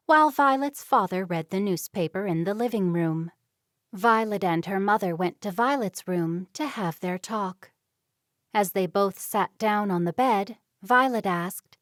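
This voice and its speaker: A woman audiobook narrator reads a novel from a script in an even, measured manner. Her voice is medium-pitched, and the recording is dry and studio quality.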